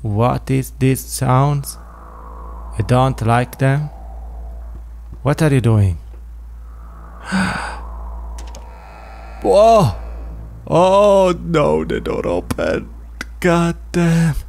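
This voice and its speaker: A man's voice: mid-range voice, animated, extremely slow, gravelly, pauses often, darkish tone, a little hiss or hum. A man commenting on a horror game as he plays, with jumpy exclamations and frequent swearing. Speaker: game player. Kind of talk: let's play commentary.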